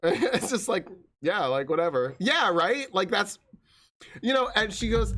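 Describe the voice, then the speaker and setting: A man's voice: sits high, expressive, normal speed, sharp tone. A man streaming a video game from home, chatting casually and telling stories, rambling, swearing freely and laughing often. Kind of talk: casual gameplay chat with storytelling.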